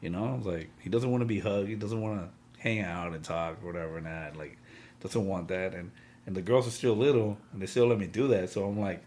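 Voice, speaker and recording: A man's voice: deep voice, steady tone, a little fast, darkish tone, a little hiss or hum. Man telling a heartfelt personal story, slangy. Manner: emotional storytelling, frequent filler and slang. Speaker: podcast host. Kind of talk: casual chat among friends.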